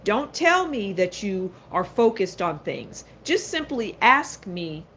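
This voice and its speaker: Slow-talking blunt woman tarot reader. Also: medium pitch, sing-song, a bit bright, a little hiss or hum. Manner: blunt, sassy, talks straight to viewers. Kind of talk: live-stream tarot reading.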